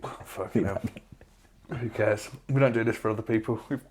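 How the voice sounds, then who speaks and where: Fast-talking, upbeat male podcast co-host. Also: lowish voice, fairly even intonation, a little mellow, slight background noise. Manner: quick, chatty and upbeat, with casual swearing. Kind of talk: casual chat.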